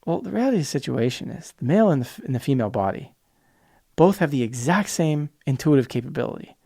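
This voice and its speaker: Gravelly, fervent man podcasting solo. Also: mid-range voice, lively intonation, fast talker, mellow. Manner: passionate, emphatic, quotes opposing views in mocking voices. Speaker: podcast host.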